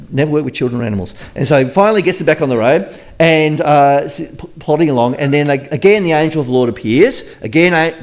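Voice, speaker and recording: A man's voice: a little high, darkish tone. A man preaching a conversational sermon, retelling a story in a chatty, joking way.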